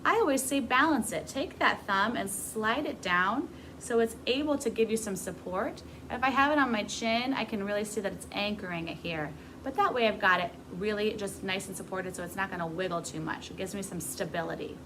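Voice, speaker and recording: A woman's voice: medium pitch, a little fast, background noise. A grown woman teaching a beginner music class to camera, patient and encouraging as she demonstrates. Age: adult.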